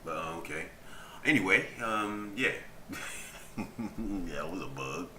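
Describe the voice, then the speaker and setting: A man's voice: low voice, lively intonation, takes it slowly, slight background noise. A man streaming a game, commenting in a casual, laid-back way, talking to himself and his chat and chuckling. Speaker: gaming streamer. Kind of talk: casual live gameplay commentary. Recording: echoey, distant mic with loud game sound.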